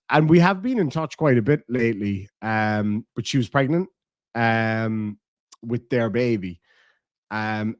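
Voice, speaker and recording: A man's voice: mid-range voice, a little mellow, no echo, studio quality. A man in his thirties with an Irish accent, a live streamer chatting casually and reading viewer messages, rambling and heartfelt and swearing freely. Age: 30s. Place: room at home.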